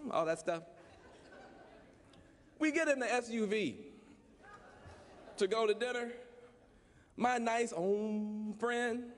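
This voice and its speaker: A man with a high voice works a crowd from a stage, folksy and teasing before growing earnest and preacher-like. His words ring out with the long reverb of a large hall, over faint room noise. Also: lively intonation, slow pace, pauses often. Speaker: keynote speaker, activist. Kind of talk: humorous conference speech to an audience.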